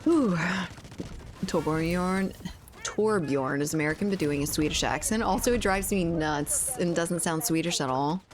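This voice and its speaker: Low-voiced woman chatting on stream. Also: normal speed, hardly any pauses, slight background noise. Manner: chatty, swears freely, laughs often. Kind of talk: casual chat with stream viewers.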